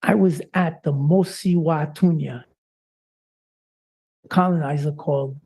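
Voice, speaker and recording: A man's voice: fairly high pitch, takes it slowly, creaky, warm tone, husky. A man co-hosting a live-streamed talk show, speaking in an impassioned, preacher-like way with frequent "uh" fillers.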